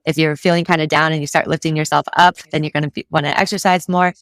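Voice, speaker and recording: A woman guesting as a mental fitness coach explains things step by step in a casual interview, with a low-pitched, fairly bright voice, steady tone, and quick pace. Her manner is easygoing, and she often checks in with "right?".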